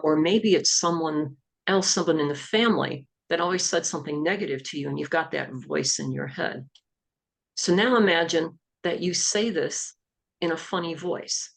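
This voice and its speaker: Woman coach with a gravelly edge. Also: low-pitched. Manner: explanatory, easygoing, with fillers. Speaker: executive coach and hypnotherapist. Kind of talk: recorded talk on self-help techniques.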